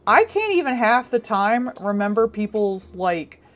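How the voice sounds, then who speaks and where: A woman's voice: mid-range voice, very animated, measured pace. A young woman artist chatting casually on a stream, rambling with lots of fillers, swearing freely and laughing often.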